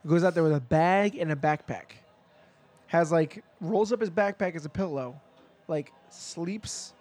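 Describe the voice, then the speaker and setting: A man's voice: a little high, measured pace, a little mellow, dry recording. A man telling a long story in a casual chat, rambling with lots of fillers and acting out quoted lines.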